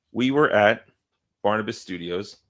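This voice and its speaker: A man co-hosting and producing a casual talk show, rambling and stopping often to clear his throat. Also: fairly low pitch, a bit bright. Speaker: co-host and producer. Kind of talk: casual chat.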